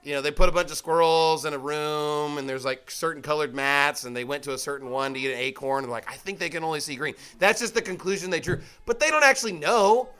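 A man's voice: on the high side, fast, hardly any pauses, bright, forceful tone, smooth. A man preaching a sermon, reading scripture and mocking excuses in quoted voices. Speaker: pastor.

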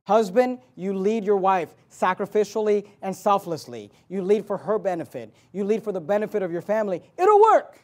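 High-voiced man preaching a sermon. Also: fairly quick, hardly any pauses, a little mellow. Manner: emphatic preaching with repetitions and asides. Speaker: pastor.

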